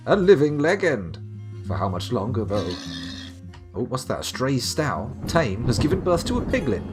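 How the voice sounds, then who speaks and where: A man's voice: medium pitch, very animated, moderate pace, faint music behind. A man from the UK streaming a game live, commenting with dry, sarcastic, jokey asides. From United Kingdom. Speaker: gaming streamer.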